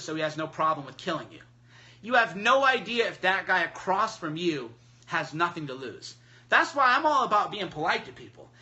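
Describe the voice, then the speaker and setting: A man's voice: high voice, pushed and bright. A man hosting a phone livestream, talking in a blunt, mocking, emphatic casual monologue. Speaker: livestream host.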